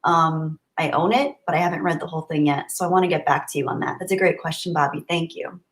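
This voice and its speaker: A woman hosts a casual livestream, chatting and answering her viewers' comments as they come in. Her voice sits on the lower side for a woman. The recording has a roomy, echoing sound. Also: fast. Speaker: livestream host. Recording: roomy echo.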